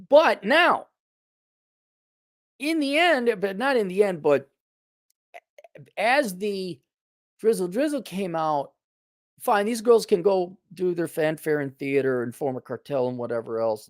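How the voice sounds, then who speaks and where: A man's voice: a little high, animated, a little slow, long pauses, dry recording, clean studio sound. Blunt, profane male host ranting. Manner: blunt, profane, sarcastic, rambling restarts. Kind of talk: casual commentary rant.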